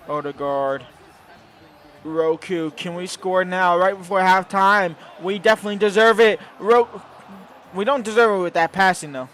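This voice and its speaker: Male gaming host, high voice, casual running commentary on his own play, drifts from mumbled asides to loud outbursts, light music underneath. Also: unhurried. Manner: rambling, swings between low muttering and loud outbursts.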